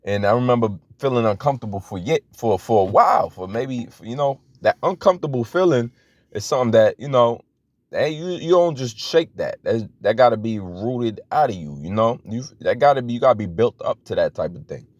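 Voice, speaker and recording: A man's voice: medium pitch, animated, fairly quick, darkish tone, no room sound. A young man giving a loose, conversational teaching talk as a preacher, full of restarts and fillers. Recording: dry, dull lo-fi audio.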